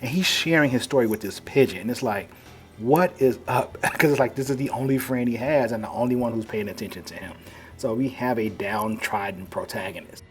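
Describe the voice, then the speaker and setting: A man's voice: medium pitch, fairly quick, faint music behind. A man giving a casual, rambling recap of a comic book, full of "you know" and "like".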